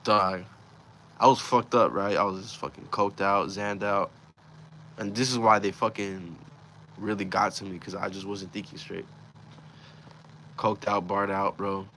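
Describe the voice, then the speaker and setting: A man's voice: lowish voice, fairly even intonation, unhurried, long pauses, pushed and bright, slight background noise. A young man casually telling a rambling personal story, full of slang and swearing. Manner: slangy, profane, rambling retelling.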